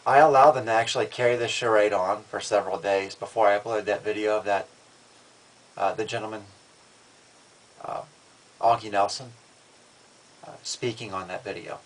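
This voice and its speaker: A man's voice: fairly low pitch, steady tone, normal speed, long pauses, low-quality recording. A man talking to camera in a casual vlog, matter-of-fact and defiant, often restarting and repeating words. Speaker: vlogger.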